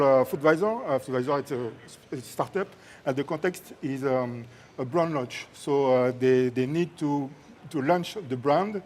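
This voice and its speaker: On a live festival stage, a middle-aged French motion art director chats casually in English with a French accent, hesitating as he searches for words. His voice is fairly high-pitched with a darkish tone.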